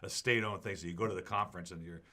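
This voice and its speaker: A man's voice: sits low, steady tone, rapid-fire, bright, forceful tone. A man hosting a wine tasting show, chatting casually and telling rambling, enthusiastic stories about wines and importers.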